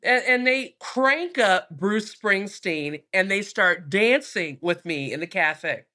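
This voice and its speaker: A middle-aged American woman, a book author telling travel stories in an interview, animated and acting out the voices in them. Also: mid-range voice, takes it slowly. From United States. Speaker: guest, author. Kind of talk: storytelling interview.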